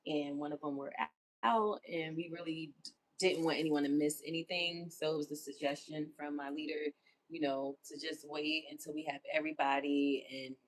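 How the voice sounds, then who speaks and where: A woman's voice: sits low, fairly even intonation, normal speed. A woman hosting a livestream in casual chat, candid and self-affirming, who keeps asking "you know what I'm saying?". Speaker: livestream host.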